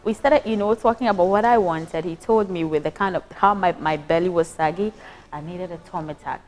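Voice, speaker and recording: A young Ghanaian woman casually recounting her hospital stay as a patient, animated and prone to restarts. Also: lowish voice, a little fast, soft background music. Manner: animated, acts out voices, frequent restarts. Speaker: patient giving a testimonial. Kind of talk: casual storytelling.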